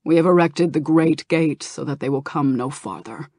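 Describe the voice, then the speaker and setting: A woman voicing a young male tauren chieftain, measured and formal, low and dry. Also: a little mellow, dry recording. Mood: grave.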